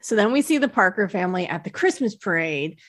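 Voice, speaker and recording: A woman's voice: mid-range voice, expressive, a little fast, dry recording, studio quality. Casual woman recapping a film. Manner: conversational, filler-heavy storytelling with "like". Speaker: podcast co-host. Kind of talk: casual chat retelling a film.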